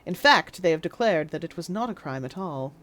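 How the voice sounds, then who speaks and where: A woman's voice: lowish voice, expressive, a little fast, fairly bright tone, pitched below the performer's own voice. Woman doing a stern, clipped courtroom judge. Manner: haughty, clipped put-on upper-class English.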